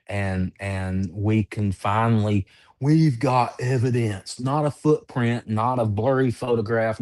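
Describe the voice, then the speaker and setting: A man with a drawl tells his story at an unhurried, deliberate pace. His voice sits on the low side, and he leans hard on key words, stretching them out for emphasis. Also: darkish tone. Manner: drawn-out, emphatic storytelling with whooping imitations. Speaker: guest. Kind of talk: storytelling in casual chat.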